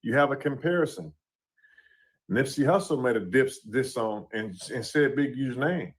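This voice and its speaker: A man's voice: mid-range voice, animated, moderate pace. A man giving casual commentary on a court case, talking loosely and often adding "you know what I'm saying".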